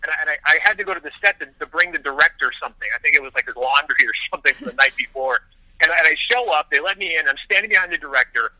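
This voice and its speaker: A man from Las Vegas, a film director, telling his story as an interview guest in an animated way, often restarting his sentences. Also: on the high side, no echo, rough recording. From Las Vegas, USA.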